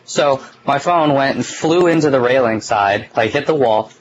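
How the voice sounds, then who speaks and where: A young man of middling pitch tells a story in a loose, rambling way, filling his sentences with "like" and the odd curse. It sounds like a relaxed chat recorded on a phone, with a faint hiss underneath. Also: moderate pace, dull audio. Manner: rambling, full of "like" and mild swearing. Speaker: podcast host.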